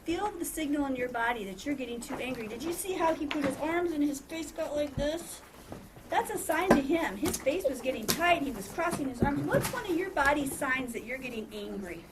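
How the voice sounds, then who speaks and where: A woman's voice: sits high, lively intonation, a little fast. A woman teaching a first grade class, patiently asking questions and repeating students' answers back. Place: elementary classroom. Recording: distant mic in a noisy classroom.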